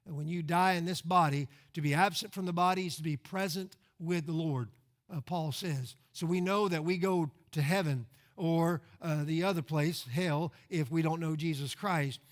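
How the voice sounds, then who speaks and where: A man with a high voice preaches a sermon as a pastor. He talks in a loose, conversational way, throwing out rhetorical questions and repeating words as he goes. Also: normal speed. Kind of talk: expository sermon. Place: church sanctuary.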